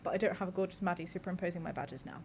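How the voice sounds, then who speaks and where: A woman's voice: lowish voice, rapid-fire, creaky, background noise. A young woman hosting a live podcast, chatting candidly with her audience, reading messages aloud and swearing casually. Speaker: podcast host. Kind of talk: casual live-stream chat.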